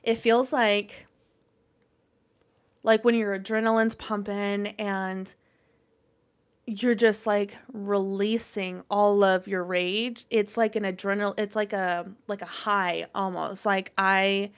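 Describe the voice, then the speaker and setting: A woman's voice: mid-range voice, fairly even intonation, slow pace, clean tone. Young woman on a podcast, swears constantly, rambles, says um and like a lot. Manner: profane, rambling, lots of fillers. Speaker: podcast host. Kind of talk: casual chat.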